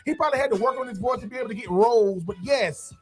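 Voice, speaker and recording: A man from the American South on a sports talk show, excitable, repeating words as he jumps in. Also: very high-pitched, racing, over music.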